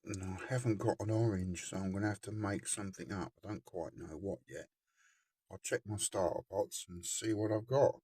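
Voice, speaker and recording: A man's voice: fairly low pitch, steady tone, moderate pace, dark tone, slightly rough, no room sound, clean studio sound. A man casually narrating his scale model build, chatty and often breaking into giggles. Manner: giggly, keeps breaking into laughter. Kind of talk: casual hobby video narration.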